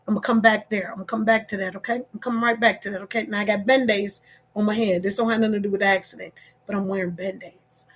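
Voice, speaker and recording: A woman telling a story to her livestream viewers in an animated way, repeating phrases and checking in with them. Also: medium pitch, fast, husky. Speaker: online storyteller.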